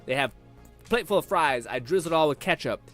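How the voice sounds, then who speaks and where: Rambling, animated young man streaming. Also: fairly high pitch, a little fast, faint music behind. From Canada. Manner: rambling, laughing, swearing, animated. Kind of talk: casual chat reading viewer comments.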